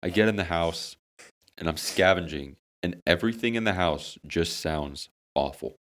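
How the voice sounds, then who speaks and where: Young guy on a podcast, real deep voice, swears a lot telling his story. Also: normal speed. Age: young adult. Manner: animated, swearing, dramatic comic storytelling. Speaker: podcast co-host. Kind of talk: casual storytelling among friends.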